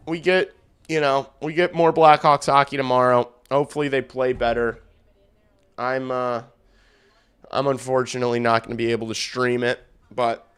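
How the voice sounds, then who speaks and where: A young man with a hoarse voice that still comes through smooth and clear talks loosely to his live chat. He rambles, swears freely and keeps things blunt and casual. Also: medium pitch. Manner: rambling, blunt and profane, addresses chat directly. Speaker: hockey streamer.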